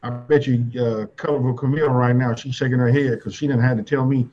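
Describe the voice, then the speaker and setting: A man's voice: mid-range voice, steady tone, brisk. A man co-hosting a live online talk show, joking and calling out to viewers. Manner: joking, shout-outs to viewers. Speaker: co-host. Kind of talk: casual live-stream chat. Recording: dull lo-fi line.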